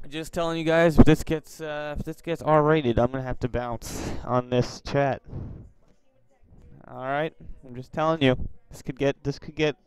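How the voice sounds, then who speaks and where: A man's voice: a little high, fairly even intonation, unhurried, clear, resonant tone, no echo, poor audio. A man who makes online videos, giving casual commentary on video chats and reacting to viewers with exclamations and asides. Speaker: YouTuber.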